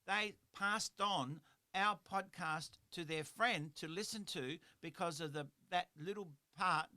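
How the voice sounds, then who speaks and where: A middle-aged man hosts a motivational radio show. His voice sits high and bright, with a forceful edge. He talks earnestly and rambles a little, circling back to repeat his key phrases. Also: a little slow. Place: radio studio.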